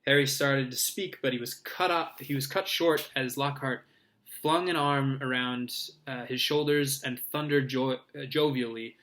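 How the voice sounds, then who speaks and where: A man's voice: mid-range voice, steady tone, a little slow, fairly bright tone. A man reading a novel aloud in an informal way, stumbling, correcting himself and adding his own asides. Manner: informal, with slips, restarts and asides. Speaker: reader.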